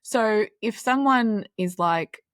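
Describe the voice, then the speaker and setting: A woman's voice: mid-range voice, takes it slowly, fairly bright tone, no room sound, studio quality. A woman podcast host chatting in a curious, self-deprecating way and asking her guest questions. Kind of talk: conversational podcast interview.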